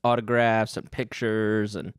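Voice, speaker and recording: A man's voice: fairly low pitch, monotone, unhurried, clear, resonant tone, no echo, clean studio sound. A man co-hosting a podcast, talking in a hesitant, rambling way with many restarts in casual chat. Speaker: podcast co-host.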